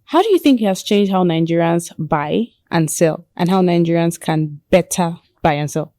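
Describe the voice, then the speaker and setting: A woman's voice: lowish voice, expressive, normal speed, warm tone, no room sound, clean studio sound. A woman hosting a podcast, interviewing her guest and backing him with short affirming sounds. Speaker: podcast host.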